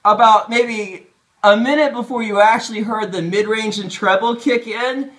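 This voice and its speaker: Easygoing high-voiced man on a call. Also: normal speed. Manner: relaxed, easygoing, calls his friend dude. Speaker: co-host of a phone chat show. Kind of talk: casual storytelling over the phone. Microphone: phone call.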